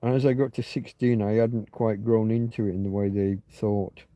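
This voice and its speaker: A man's voice: on the low side, steady tone, normal speed, dark tone, no echo. A man hosting a casual livestream, chatting in a rambling, digressive way and often restarting his sentences. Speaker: livestream host. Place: home in coastal Spain.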